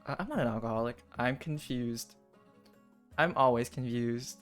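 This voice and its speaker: A man's voice: medium pitch, moderate pace, a bit bright. A male streamer hosting a game session, moving between casual chatter and reading story text aloud. He tosses in dry asides and laughs often, with faint music underneath.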